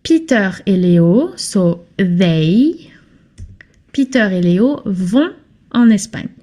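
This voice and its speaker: A woman teaching a French lesson in English, speaking slowly and patiently and repeating phrases for her learners. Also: mid-range voice, animated, mellow. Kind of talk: slow classroom lesson.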